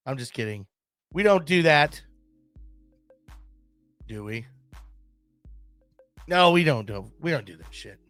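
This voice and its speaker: Excitable, swearing male podcast host. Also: medium pitch, takes it slowly, pauses often, no room sound, faint music behind. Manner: excitable, rambling, profane military-maintainer humor. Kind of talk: casual solo podcast commentary.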